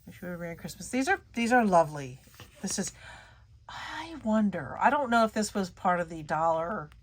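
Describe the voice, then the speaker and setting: Lady showing off craft paper, chatty, kinda low voice, keeps losing her sentences. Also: animated, normal speed. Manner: chatty, gushing, trails off mid-sentence. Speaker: scrapbooking channel host. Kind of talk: casual show-and-tell chat.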